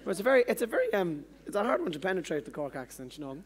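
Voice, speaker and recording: An Irish man doing rambling, profane stand-up on a theatre stage, halting and restarting his sentences. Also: high-pitched, very animated. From Ireland. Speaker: stand-up comedian. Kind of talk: stand-up routine. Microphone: stage microphone. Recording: live show, noisy crowd.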